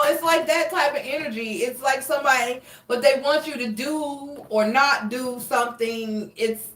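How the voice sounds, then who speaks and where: Tarot reader, female, higher voice, rambling searching delivery, roomy echo, off-mic. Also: unhurried, fairly bright tone. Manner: rambling, searching for words, frequent restarts. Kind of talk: casual tarot reading monologue. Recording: echoey room, voice a bit far from mic.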